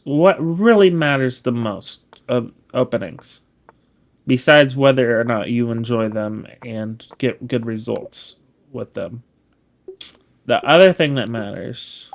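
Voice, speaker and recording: A man's voice: mid-range voice, vocal fry. A man giving casual chess study commentary, laid-back and explanatory, often correcting himself as he goes. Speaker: chess streamer.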